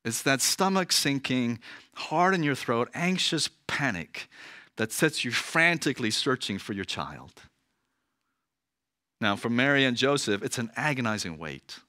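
Lively, bright-voiced male pastor. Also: medium pitch, measured pace, dry recording, clean studio sound. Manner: conversational, frequent "right?" asides. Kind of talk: sermon.

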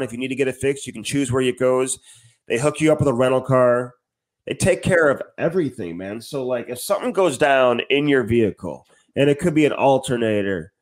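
Chill guy podcast cohost doing ad reads, keeps saying man, mid pitch. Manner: breezy, says "man" a lot. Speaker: podcast co-host. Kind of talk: casual podcast chat and ad reads.

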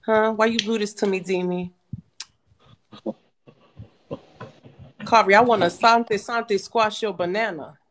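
A woman's voice: mid-range voice, fairly even intonation, moderate pace, slight background noise, lightly acted. A woman playing a flamboyant, flirty and sassy club-owner character, with a teasing, seductive drawl and Southern slang, for a comedic prank. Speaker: actress. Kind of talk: comedic prank role-play.

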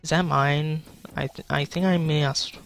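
A man's voice: on the high side, steady tone, a little slow, vocal fry, fairly bright tone, soft background music. A young man giving casual gameplay commentary, swearing and joking as he plays. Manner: swearing, frustrated, joking, talking to chat. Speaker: gaming YouTuber.

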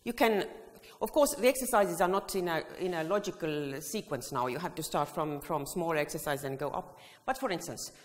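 This choir education presenter has a low voice with lively intonation, talking at normal speed with few pauses. She takes her audience through vocal exercises in a large hall with long reverb, often breaking into sung phrases as examples.

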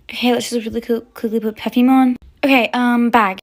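A woman's voice: on the high side, flat delivery, a little fast. A woman telling a toy-app role-play story as a schoolgirl, chatty and dramatic with lots of fillers.

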